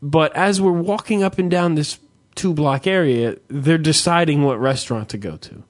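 A man's voice: a little high, normal speed. A man telling a rambling, self-deprecating story in casual chat, swearing freely.

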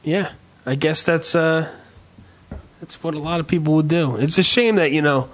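A man hosting a podcast in casual chat, rambling and swearing freely while riffing with dark humor. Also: fairly high pitch, moderate pace. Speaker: podcast host.

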